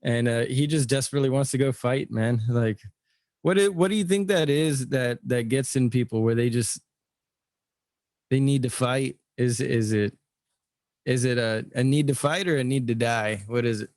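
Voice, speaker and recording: A man's voice: mid-range voice, moderate pace, a little mellow, dry recording, clean studio sound. A man co-hosting a casual podcast, asking rambling questions and swearing casually. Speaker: podcast co-host.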